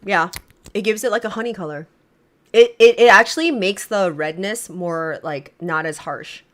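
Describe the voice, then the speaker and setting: A young woman co-hosting a casual livestream podcast, playful and animated, gushing as she shows off beauty products. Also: mid-range voice, normal speed. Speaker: podcast co-host.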